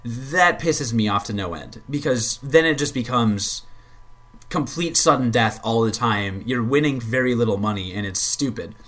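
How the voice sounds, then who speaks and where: A man's voice: medium pitch, animated, moderate pace, fairly bright tone. A man casually explaining and reviewing a video game's card minigame, rambling with frequent restarts and blunt opinions. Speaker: game reviewer. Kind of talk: casual spoken game review.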